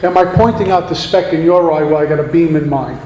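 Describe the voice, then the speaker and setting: A man gives an earnest, preacherly talk to a recovery meeting, piling up rhetorical questions. His voice sits high for a man and rings through a long-echoing hall. Faint noise hangs underneath. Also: fast talker, mellow. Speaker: guest speaker at a recovery meeting. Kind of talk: recovery meeting share, sermon-like.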